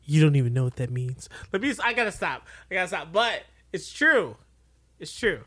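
A podcast co-host in a casual recap chat, reflective, often trailing off and dropping quiet. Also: medium pitch, big pitch swings, moderate pace, dry recording.

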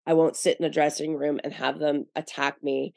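A woman's voice: sits low, flat delivery, normal speed, creaky, darkish tone, no room sound, studio quality. A middle-aged woman chatting as a guest, hesitant and restarting her words, sounding aggrieved. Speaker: podcast guest. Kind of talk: casual rewatch chat.

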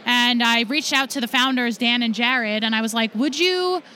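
A woman's voice: fairly high pitch, fairly even intonation, normal speed, pushed and bright, slight background noise. A woman guest on a podcast telling her story with enthusiasm. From USA. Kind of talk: podcast interview.

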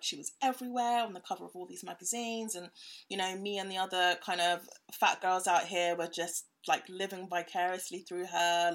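A woman's voice: on the low side, a bit bright. A young woman recounts a story as an interview guest. She talks casually, peppering her speech with fillers and little laughs. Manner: chatty with many fillers and laughs.

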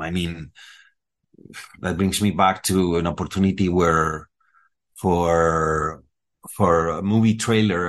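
Low male voice from Latin America, candid panel guest who acts out exchanges. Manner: candid, anecdotal, acts out dialogue. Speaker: voice actor panelist. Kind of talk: panel discussion.

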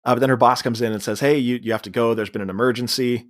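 A man's voice: medium pitch, steady tone. Man casually recapping a movie. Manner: recounts plot, acting out lines in quick voices. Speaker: podcast co-host.

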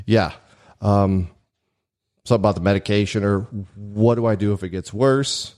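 A man co-hosting a casual podcast, telling stories with joking, deadpan asides. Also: lowish voice, moderate pace. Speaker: podcast co-host. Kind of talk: casual comedic chat.

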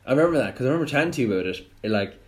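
A man's voice: mid-range voice, racing. Young Irish man hosting, stumbling chat. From Ireland. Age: young adult. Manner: stumbling restarts, swearing, animated. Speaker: podcast host. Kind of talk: casual chat.

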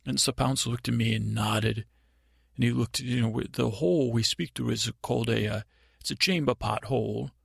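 Comedy improv: man as a naive young prince, halting and meandering, low-rasp fry, breathy edge. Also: dry recording, studio quality. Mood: rambling. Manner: halting, stammering, meandering storytelling. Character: timid naive boy prince, rambling and fearful. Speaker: improv comedy podcast performer. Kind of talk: improvised comic monologue.

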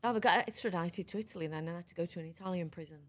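A middle-aged woman guest telling her own story in a podcast interview, frank and lively, often restarting her sentences. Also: on the low side, very fast.

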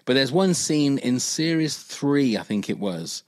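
Chatty podcast host, dry sound. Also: male voice, medium pitch, big pitch swings, measured pace, darkish tone, no echo. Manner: chatty, rambling storyteller. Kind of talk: casual chat.

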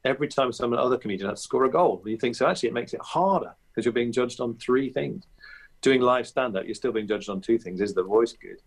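A man's voice: medium pitch, fast talker, breathy edge. A middle-aged comedian as an interview guest, talking animatedly about his craft and slipping into voices. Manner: animated, jumps into character voices. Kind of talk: podcast interview.

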